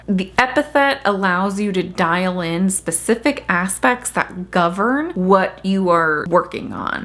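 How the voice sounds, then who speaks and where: A woman hosting her own channel, giving a chatty educational talk with bubbly asides and quick laughs. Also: on the low side. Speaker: channel host.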